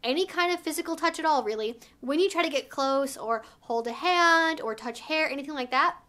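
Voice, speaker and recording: High-pitched, frank woman vlogger. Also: fairly quick, bright, forceful tone. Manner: frank and emphatic, with filler "like" and "right?". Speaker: sex educator vlogger. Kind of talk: casual frank advice talk.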